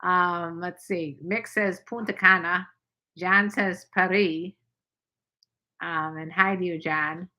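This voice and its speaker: A woman's voice: on the low side, steady tone, slow pace, bright, forceful tone. A woman co-hosting a casual livestream chat from the American South, greeting viewers by name as she talks. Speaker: livestream co-host.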